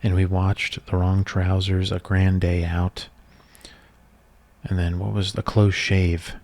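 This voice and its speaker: A man, talking in a soft-spoken ASMR chat, rambling and casual as he reminisces. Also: low voice, monotone, takes it slowly. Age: 30s. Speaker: ASMR creator.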